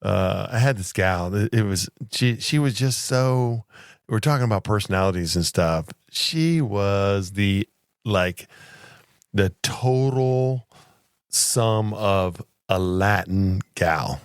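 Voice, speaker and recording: Laid-back storytelling man, low voice. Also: slow pace, smooth, dry recording, studio quality. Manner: loose storytelling with many restarts and fillers. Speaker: podcast co-host, flight attendant. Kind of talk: casual chat.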